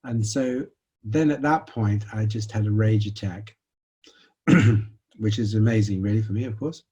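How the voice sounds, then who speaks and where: A man giving a lecture, telling a personal story in a conversational, animated way. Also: fairly low pitch, measured pace, breathy edge.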